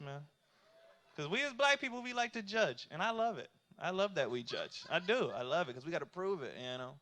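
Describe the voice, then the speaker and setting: A man's voice: on the high side, pushed and bright. A man in his thirties doing stand-up comedy, talking loosely and conversationally with lots of fillers and rhetorical questions to the audience.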